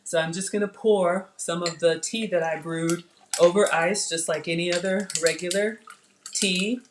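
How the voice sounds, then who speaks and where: A woman chatting to viewers in a live cooking demonstration, excitable and talking straight to them. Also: lowish voice, moderate pace, background noise. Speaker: cooking vlogger. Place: home kitchen.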